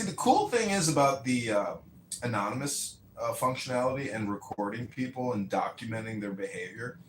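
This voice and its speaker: Man, casual rambling storyteller, swears freely, very animated pitch, echoey room. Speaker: mayoral candidate and podcast host. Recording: roomy echo with faint ambient noise.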